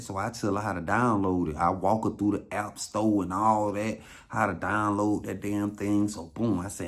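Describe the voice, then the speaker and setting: Low-voiced Atlanta man telling a story. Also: normal speed, few pauses. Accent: Southern US, Atlanta. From Atlanta, USA. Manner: slangy, animated, repeats for emphasis. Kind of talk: casual storytelling.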